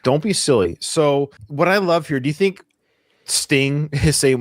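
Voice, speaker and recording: A man's voice: a little high, unhurried, no room sound. A man hosting a podcast, giving wry, sarcastic running commentary on clips in casual chat. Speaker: podcast host.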